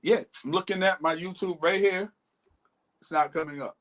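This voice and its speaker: A man's voice: high-pitched, moderate pace, a bit bright. A man co-hosting a live-streamed chat show, laid-back and blunt, joking with his co-host. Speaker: podcast co-host.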